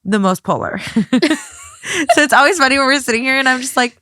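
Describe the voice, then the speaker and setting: A woman's voice: high voice, quick pace, bright, forceful tone, no echo, studio quality. A woman co-hosting a podcast in casual chat, upbeat and reassuring. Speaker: guest co-host.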